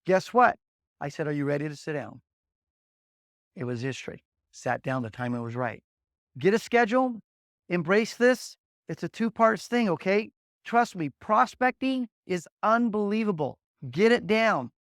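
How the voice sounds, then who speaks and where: High-voiced man giving punchy sales coaching. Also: moderate pace, no room sound, studio quality. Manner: energetic storyteller, drills points with repeated "guess what" and "okay?"; blunt, punchy coaching delivery. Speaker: agency leader training new agents. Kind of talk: motivational sales training talk.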